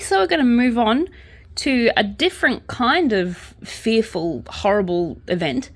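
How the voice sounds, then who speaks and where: A woman's voice: a little high, expressive, measured pace. A young Australian woman hosting a casual chat, reading news aloud and reacting with open sorrow. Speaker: podcast host. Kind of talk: casual true-crime commentary while crocheting.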